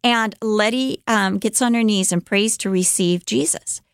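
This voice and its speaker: A woman co-hosting a podcast, telling a life story in an animated way, with many fillers, and acting out the quotes. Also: mid-range voice, measured pace, no room sound, studio quality. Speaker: podcast co-host telling a biography. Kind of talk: casual storytelling chat.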